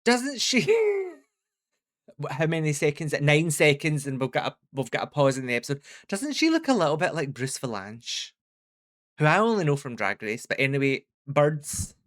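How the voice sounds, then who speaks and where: A man's voice: a little high, sing-song, normal speed, fairly bright tone. A man with a Scottish accent chatting casually as a reaction video host, with jokey asides and frequent laughs.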